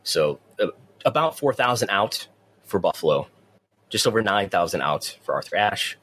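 A man's voice: fairly low pitch, very animated, normal speed, fairly bright tone, breathy edge. A man co-hosting a casual wrestling news talk show, rambling with frequent restarts. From near the US–Canada border. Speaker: podcast co-host.

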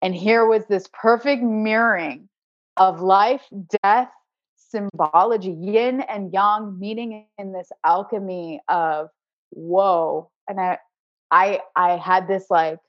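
A woman's voice: medium pitch, slow, no room sound. A woman guest on a podcast who works as an acupuncturist, telling a personal healing story in an earnest, spiritual way and often repeating words as she searches for them. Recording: dry, slightly dull recording.

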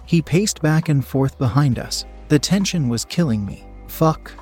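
A man reading a story aloud as narrator, in a steady, measured storytelling manner. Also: a little high, slightly rough, soft background music.

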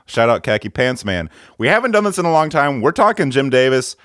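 A man's voice: medium pitch, big pitch swings, a bit bright, dry recording, studio quality. A playful, joking male podcast host. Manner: playful, joking, quick to laugh. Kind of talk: casual comedic chat. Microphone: remote call.

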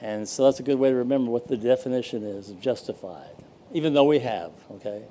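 An older man preaching a sermon as pastor, telling stories in a folksy way with dramatic pauses. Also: medium pitch, warm tone, a little hiss or hum.

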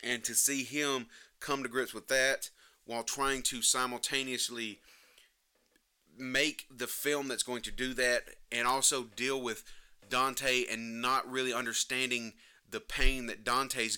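A man's voice: medium pitch, sharp tone, smooth. A man giving a casual, passionate film review, emotional and emphatic, rambling through scenes and swearing now and then.

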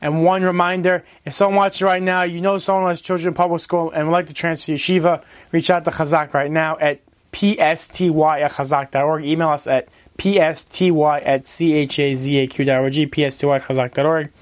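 Guy hosting, rattling off announcements fast, dry mic. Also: on the high side, flat delivery, no echo. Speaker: event host. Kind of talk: announcements and introductions.

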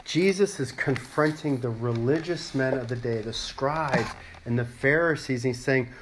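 A man's voice: mid-range voice, normal speed, background noise. A man pastor preaching a sermon in an emphatic, conversational way.

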